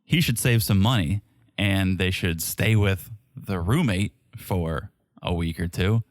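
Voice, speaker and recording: A man's voice: low voice, measured pace, dry recording, studio quality. A man co-hosting a podcast, recapping a reality show with wry, sarcastic commentary. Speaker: podcast co-host. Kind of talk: casual recap chat.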